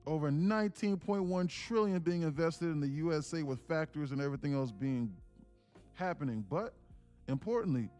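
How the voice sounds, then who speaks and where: A man reading a post aloud as a boastful, aggressive male politician, loud and emphatic. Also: fairly high pitch, expressive, moderate pace, faint music behind, pitched above the performer's own voice, natural voice. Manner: loud, emphatic, bragging proclamation.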